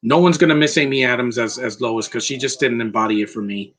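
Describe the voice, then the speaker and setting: A man's voice: mid-range voice, fast talker, a bit bright. A man giving a casual live movie commentary, talking in a sentimental, rambling way and getting emotional.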